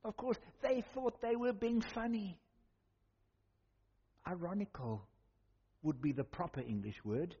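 A man preaching a sermon, dramatic, with slow emphatic pauses. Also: high voice, expressive, warm tone, husky. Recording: muffled sound in a reverberant hall.

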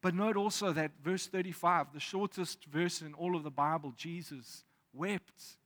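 Guy giving a sermon, kinda high voice, thoughtful and slow with the scripture bits, echoey hall. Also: fairly bright tone. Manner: reflective, reads scripture aloud with pauses. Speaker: preacher. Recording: long reverb of a hall.

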